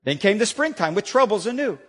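A pastor reading a children's rhyming book aloud during a sermon, with playful, expressive storytelling. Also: male voice, high-pitched, fairly quick. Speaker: senior pastor. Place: church. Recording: long church reverb.

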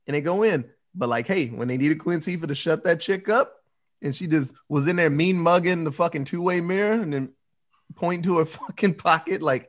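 A man in casual movie review chat, profane and animated, acting out scenes as he talks. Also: on the high side, moderate pace.

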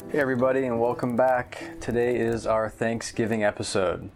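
A man's voice: medium pitch, fairly even intonation, fairly quick, soft background music. A man co-hosting a casual podcast from his couch by the fire, chatting easily and often checking in with "right?". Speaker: podcast co-host. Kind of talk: casual chat. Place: living room by the fireplace, on a couch. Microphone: old basic podcast microphone.

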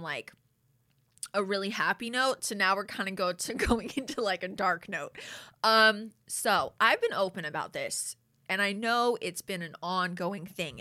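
A woman hosting a podcast in a loose, candid monologue, with a bright, forceful tone. She talks straight to her listeners, swears freely and keeps saying "you guys". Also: medium pitch. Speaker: podcast host.

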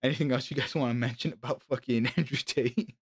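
A man's voice: mid-range voice, steady tone, fast, slightly rough, dry recording, studio quality. A man co-hosting a podcast, joking around in casual banter, stammering and swearing often. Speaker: podcast co-host.

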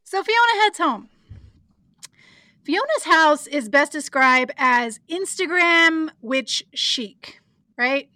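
A woman's voice: high-pitched, lively intonation, slow pace, bright, forceful tone, dry recording. A woman co-hosting a podcast, chatting casually through an episode recap with plenty of likes, ums and giggles. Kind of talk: casual chat.

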